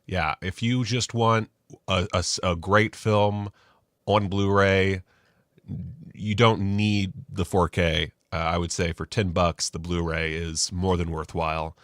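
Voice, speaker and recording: A man with a deep, low-pitched voice hosts a casual live stream. He talks in a rambling, self-deprecating way and swears now and then. The sound is dry and close, with no room echo. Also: steady tone, takes it slowly. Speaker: host.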